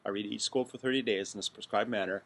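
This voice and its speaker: A man's voice: fairly low pitch, steady tone, fast talker, a bit bright, rough recording. A sleepy man reading a text aloud for his video, who often stumbles and restarts lines and now and then breaks off to chat. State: sleepy, yawning. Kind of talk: casual reading aloud with chatty asides.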